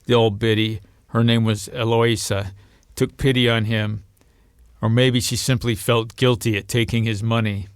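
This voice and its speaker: A man reading a novel aloud as narrator, in a steady storytelling manner. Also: normal speed, smooth, no room sound, clean studio sound. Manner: steady storytelling, lifts pitch and volume for quoted voices. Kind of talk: audiobook reading.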